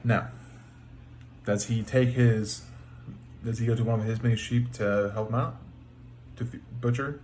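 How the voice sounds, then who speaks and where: A man's voice: medium pitch, steady tone, unhurried, pauses often, darkish tone, slight background noise. A man who blogs as a trucker, retelling a Bible story in an informal, slangy way with frequent restarts. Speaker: trucker video blogger.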